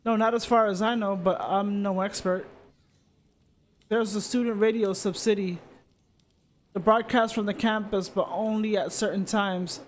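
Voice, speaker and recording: A man's voice: sits high, steady tone, moderate pace, slight background noise, close to an everyday voice. A man reading the lines of a friendly Greek restaurant owner in a game, plainly and with small slips.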